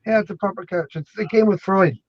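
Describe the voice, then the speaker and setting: A man chatting casually as an academic guest, animated and jokey, rambling through his thoughts. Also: sits high, quick pace, lo-fi sound. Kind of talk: casual chat.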